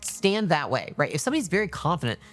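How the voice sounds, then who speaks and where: Low-voiced woman giving leadership advice. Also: very animated, fast talker, fairly bright tone, faint music behind. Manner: direct, emphatic, acts out examples. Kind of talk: motivational talk to camera.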